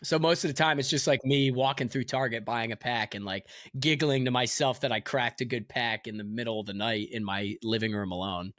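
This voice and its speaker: A man's voice: medium pitch, fairly even intonation, fairly quick, few pauses, fairly bright tone, no room sound, clean studio sound. A young man co-hosting a casual podcast, laughing easily and swearing freely. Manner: loose, laughing, swears a lot. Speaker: podcast co-host. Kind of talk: casual chat.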